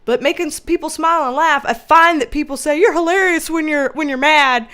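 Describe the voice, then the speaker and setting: A woman hosting a casual livestream, reading chat aloud, loud and animated, laughing and swearing often. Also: high voice, brisk.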